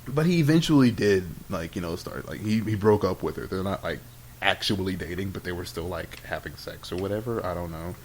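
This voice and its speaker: A young man from Texas spins a rambling anecdote on a casual amateur podcast, laughing as he goes and acting out what people said. His pitch swings around a lot as he talks. There is a light hiss behind him. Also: big pitch swings, normal speed, pauses often. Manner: rambling storyteller, laughs often, acts out quotes. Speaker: podcast co-host. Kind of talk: casual chat. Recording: amateur podcast with audible noise.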